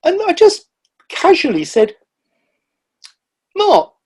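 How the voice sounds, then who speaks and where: A middle-aged man, a guest on a podcast, telling animated stories about the wildlife he sees, with lively quoted asides. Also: very high-pitched, slow. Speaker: guest, nature writer. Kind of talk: casual conversational interview.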